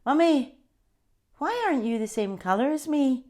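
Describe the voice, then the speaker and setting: A woman voicing a seven-year-old girl who asks questions in a high, tearful voice. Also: animated, normal speed, darkish tone. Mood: pleading.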